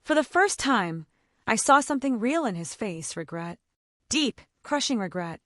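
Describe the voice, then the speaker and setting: Woman storyteller, dramatic first-person narration, measured, dry close sound. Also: on the high side, very animated, fairly bright tone, dry recording.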